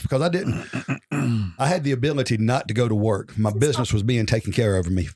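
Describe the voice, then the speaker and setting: A man's voice: mid-range voice, brisk, darkish tone. A man who owns a business, speaking as a podcast guest in earnest, emphatic testimony. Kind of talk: casual podcast chat.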